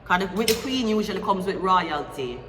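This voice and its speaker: A woman's voice: medium pitch, animated, roomy sound, long reverb tail, a crowd in the background, poor audio. A woman, reading tarot cards in a casual, chatty way with joking asides. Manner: chatty, joking asides, slow deliberate affirmations. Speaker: psychic tarot reader.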